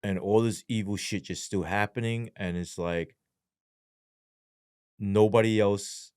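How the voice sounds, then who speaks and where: A man with a lowish voice tells his story as an interview guest, blunt and slangy, heavy on profanity. When he speaks of despair his voice turns low and halting. The recording is dry and close, with no room sound. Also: steady tone, a little mellow, clean tone, no echo. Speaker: guest, former police sergeant.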